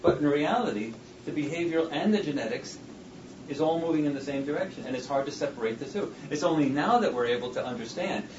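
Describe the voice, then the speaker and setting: A man's voice: fairly high pitch, lively intonation, fast, echoey room, noisy background. Man lecturing from across a classroom. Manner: conversational, asks rhetorical questions. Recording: dull distant classroom recording.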